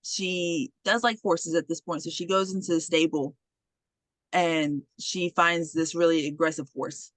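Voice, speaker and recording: A woman on a podcast, casually retelling a film's plot with lively, profane commentary and quick acted quotes. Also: lowish voice, no room sound. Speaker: podcast host. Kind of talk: casual movie recap.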